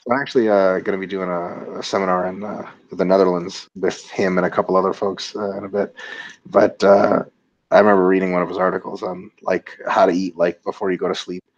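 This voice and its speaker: A man's voice: deep voice, little pitch movement, a little fast, dull audio. A man co-hosting a casual webinar chat, a laid-back, rambling storyteller. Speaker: co-host.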